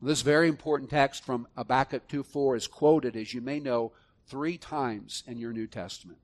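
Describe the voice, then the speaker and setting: Preaching man, quiet to emphatic. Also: moderate pace. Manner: swings from quiet, low reflection to loud emphatic preaching. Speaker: pastor. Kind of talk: sermon.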